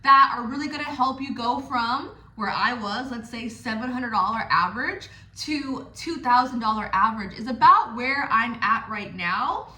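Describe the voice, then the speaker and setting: Talking directly to the camera in an echoey room, a young stripper coaches fellow dancers with blunt, playful tips and plenty of swearing. Her voice is a little high with a sharp tone.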